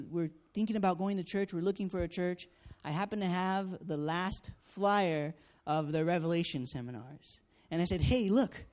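A man's voice: a little high, a little mellow. Earnest man telling a testimony. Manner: earnest storytelling, acts out dialogue, frequent fillers. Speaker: student canvasser sharing a testimony. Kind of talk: personal testimony.

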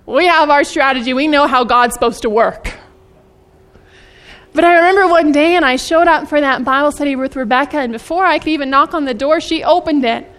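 Earnest high-voiced woman preaching. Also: a bit bright. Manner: earnest, asks the listeners many questions; slows down for emphasis on scripture. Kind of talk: sermon.

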